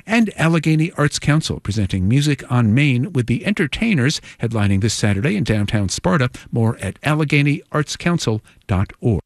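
A man's voice: medium pitch, big pitch swings, moderate pace, hardly any pauses, dry recording, clean studio sound. A male station announcer reading sponsor credits in an upbeat, sing-song way.

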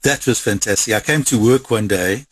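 Husky man telling a story. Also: on the low side, normal speed, dry recording. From South Africa. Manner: animated storyteller, speeds up when excited, repeats words. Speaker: interviewee, website content creator. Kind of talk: storytelling recollection.

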